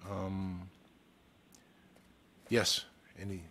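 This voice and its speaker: A man's voice: low voice, flat delivery, extremely slow, sharp tone, a little hiss or hum. A man, a town staff member presenting at a council meeting, hesitant, with many restarts and fillers. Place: council chamber.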